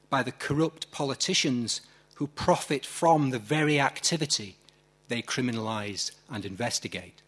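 A man with a Yorkshire accent giving a measured, reflective narration about poetry as a literary commentator. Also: mid-range voice, fairly bright tone, breathy edge.

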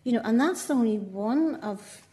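Mellow-voiced older Northern Irish woman. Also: on the high side, animated, measured pace. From Northern Ireland. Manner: chatty, laughing often, with self-mocking asides. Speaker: poet guest. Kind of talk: conversational interview.

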